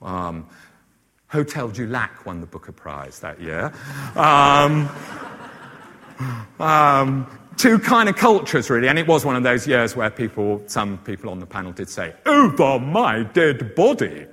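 A man talks his way through an informal lecture, full of fillers and little asides. His voice sits at an ordinary middle pitch. The sound carries a long reverb, as if recorded in a hall. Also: lively intonation, measured pace, bright, forceful tone. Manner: chatty, many fillers and asides.

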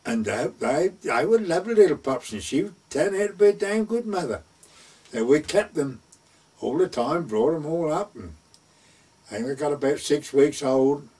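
Husky older man telling an anecdote. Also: on the high side, lively intonation, moderate pace, darkish tone, far from the mic. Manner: rambling retelling full of "I said, he said". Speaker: storyteller. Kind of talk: casual reminiscing anecdote.

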